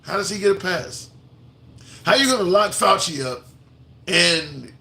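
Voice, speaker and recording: A man with a gravelly, bright voice argues his point in a political commentary stream. He keeps asking rhetorical questions and circling back to repeat himself. His tone is forceful and edged. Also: high voice. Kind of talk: opinion commentary livestream.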